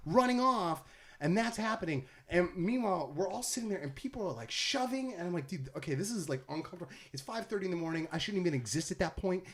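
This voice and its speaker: A man's voice: high-pitched, big pitch swings, quick pace. A man, a stand-up comedian guesting on a podcast, telling a long, profane, rambling story and acting out what people said. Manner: rambling comic storytelling, profane, acts out quotes. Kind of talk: casual podcast chat.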